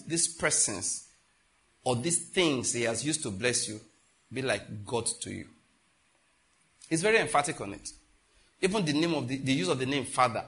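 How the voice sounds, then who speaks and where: A pastor delivers an emphatic sermon, his pitch and volume climbing and falling as he puts rhetorical questions to his congregation.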